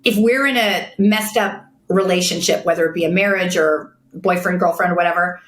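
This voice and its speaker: A woman's voice: lowish voice, brisk, a bit bright. A middle-aged woman guest on an interview, speaking frankly and bluntly about her life. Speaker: guest, makeup artist and CEO. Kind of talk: casual interview chat. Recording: echoey room.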